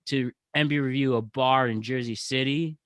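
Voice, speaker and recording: A man's voice: medium pitch, fairly even intonation, moderate pace, fairly bright tone, clean tone, dry recording, clean studio sound. Rambling young man hosting a podcast. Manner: rambling, frequent restarts and fillers. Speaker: podcast host. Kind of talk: casual interview chat.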